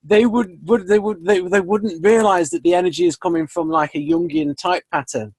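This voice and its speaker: A man's voice: high-pitched, steady tone, normal speed, darkish tone, no echo. A man talking thoughtfully with a guest about personality styles, agreeing and adding examples. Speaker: channel host. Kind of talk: conversational discussion.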